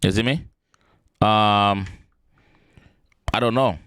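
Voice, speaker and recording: A man's voice: fairly low pitch, takes it slowly, clear, resonant tone, dry recording. Jamaican guy, young, reacts in chatty patois, dry close sound. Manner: chatty, animated, stammering. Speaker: reaction video host. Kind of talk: casual reaction commentary.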